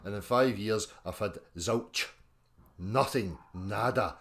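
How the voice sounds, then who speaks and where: Scottish male streamer, low voice, mocking, foul-mouthed, combative rant. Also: slow, fairly bright tone. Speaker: livestream host reading chat. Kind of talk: ranting livestream chat.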